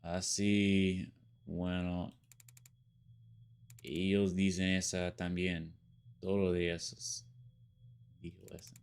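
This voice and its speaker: A man voicing a weary young male engineer held as a suspect, in a put-on Mexican accent with slow, Spanish-laced lines. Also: deep voice, level tone, a little mellow, smooth.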